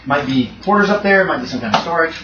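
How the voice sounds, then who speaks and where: A man's voice: on the high side, animated, quick pace. A man narrating as game master in a tabletop horror game, describing scenes in a loose, casual way. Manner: loose, casual descriptions with frequent ums and laughs. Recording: dull, roomy recording from a distant mic with faint noise.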